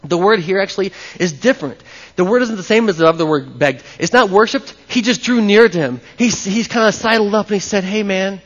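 High-voiced preacher in a reverberant church. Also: male voice, brisk. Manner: animated, talks with the congregation. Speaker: pastor. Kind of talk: live sermon. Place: church before a congregation. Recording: long reverb, dull lo-fi sound.

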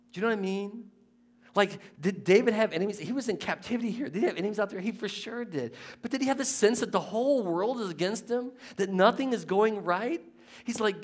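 A high-voiced man preaches a sermon in a conversational manner, shifting between quiet asides and loud, impassioned scripture readings. He frequently puts questions to his listeners.

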